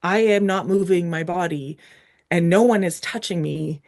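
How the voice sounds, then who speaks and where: A woman's voice: fairly low pitch, normal speed. A woman guest on a podcast telling a personal story with feeling, acting out what she said back then. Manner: animated, acts out her own past lines.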